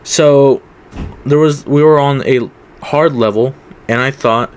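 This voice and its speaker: A man's voice: medium pitch, slow pace, a little mellow, clear, resonant tone. A young man telling a casual storytime, rambling with many fillers. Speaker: vlogger.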